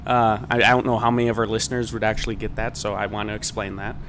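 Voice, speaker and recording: A man's voice: on the low side, little pitch movement, fast, a bit bright, a little hiss or hum. A man co-hosting a podcast in casual banter, rambling and joking, with many "like"s. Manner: rambling, jokey, heavy on "like". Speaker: podcast co-host.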